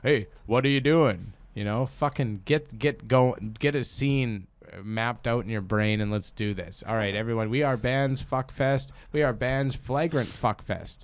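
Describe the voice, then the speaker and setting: A man co-hosting a comedy podcast, rambling and excitable, swearing casually as he reads listener suggestions. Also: mid-range voice, measured pace, hardly any pauses, clear, resonant tone. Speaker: podcast co-host.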